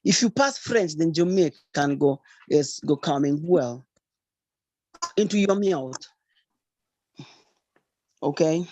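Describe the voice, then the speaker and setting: A woman's voice: sits low, lively intonation, slow pace, pauses often, darkish tone. A Kenyan woman leading a casual online group chat, mixing Swahili and English and teasing with laughter. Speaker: group elder called Madam President.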